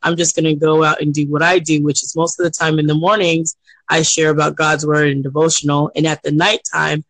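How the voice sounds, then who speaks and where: A man with a slightly high voice speaks in a flat, even tone. The sound is dry and close, with no room around it, and his manner is steady and earnest. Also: fairly quick, dry recording, low-quality recording. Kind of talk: casual chat.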